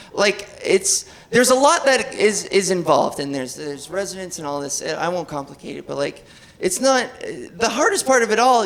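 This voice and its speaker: A woman in her thirties doing a live stand-up set, wry and self-deprecating. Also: lowish voice. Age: 30s. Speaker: stand-up comedian. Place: comedy stage before live audience. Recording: live audience laughter in a club.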